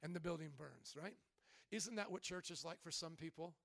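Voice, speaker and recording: Pressing his congregation with pointed questions, a male pastor preaches in a high, gravelly, fairly bright voice at a moderate pace. He sounds impassioned, and the dry recording has no reverb.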